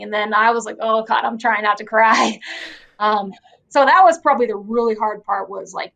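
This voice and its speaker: A young woman being interviewed as a guest, speaking softly with many fillers about a painful personal time. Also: a little high. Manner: soft-spoken, heavy use of fillers like "like" and "you know". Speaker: guest wrestler. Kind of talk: emotional interview conversation.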